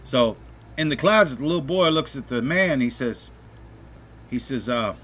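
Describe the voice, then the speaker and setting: A man hosting a gaming channel, telling a joke in a relaxed, folksy way over gameplay. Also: medium pitch, moderate pace, pauses often. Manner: folksy, relaxed storytelling with restarts.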